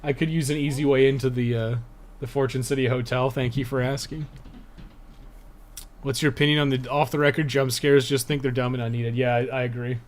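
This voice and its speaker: A man's voice: medium pitch, little pitch movement, a little fast. A young man giving casual live-stream commentary over his speedrun at home, thinking aloud with lots of fillers. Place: home room.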